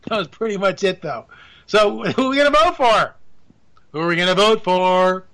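A man's voice: high-pitched, animated, normal speed, bright, forceful tone. A man hosting a radio show, riffing through a sarcastic, rambling political monologue with jokey asides.

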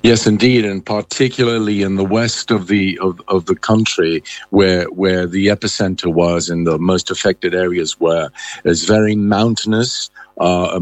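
A man reporting as a correspondent in a live news interview, halting with many fillers and restarts. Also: low-pitched, dry recording.

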